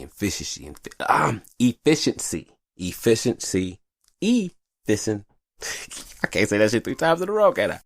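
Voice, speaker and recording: Low gravelly black dude podcasting alone, cussing, rambly, bouncy up and down delivery. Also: male voice, fairly bright tone, dry recording, clean studio sound. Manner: profane, rambling and confessional. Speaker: podcast host. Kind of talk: casual monologue. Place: hot upstairs room.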